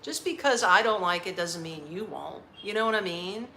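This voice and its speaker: A woman's voice: lowish voice, normal speed, bright, forceful tone, a little hiss or hum. A middle-aged American woman on a live stream, chatting casually with viewers, blunt and laughing, swearing freely. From United States. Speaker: vlogger answering live chat.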